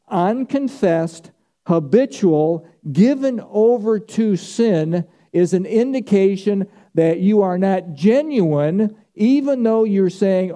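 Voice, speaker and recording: A man's voice: sits high, lively intonation, a little slow, mellow. A man preaching a sermon, stressing key words by drawing them out and repeating phrases for emphasis. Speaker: pastor.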